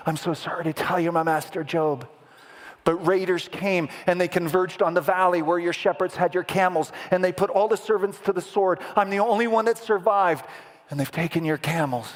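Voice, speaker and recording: A man's voice: high voice, normal speed, voice pushed up, natural voice. A man voicing frightened male servants who bring terrible news, pleading with rising urgency, in an echoey hall. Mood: urgent. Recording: echoey hall with long reverb.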